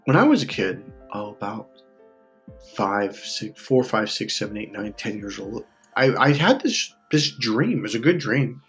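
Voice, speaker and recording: A man's voice: on the low side, very animated, unhurried, fairly bright tone, faint music behind. A male life coach in a casual personal monologue, rambling with restarts and laughs, close to tears. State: on the verge of tears.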